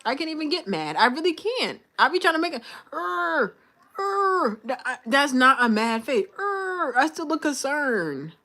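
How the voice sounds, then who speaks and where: A young woman talks casually to her livestream viewers. Her fairly high voice swings up and down as she tells a story, putting on her coworkers' and her manager's voices along the way. The delivery is animated and informal. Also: brisk, few pauses. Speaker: livestream host.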